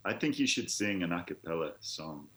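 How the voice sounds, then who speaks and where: A man's voice: low voice, sing-song, moderate pace, fairly bright tone, husky. A man in casual chat, making wry joking asides.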